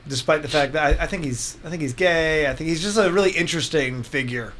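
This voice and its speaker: Joking radio host, man, a bit high. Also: fast talker, a bit bright, slight background noise. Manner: joking, rambling. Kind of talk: casual panel chat.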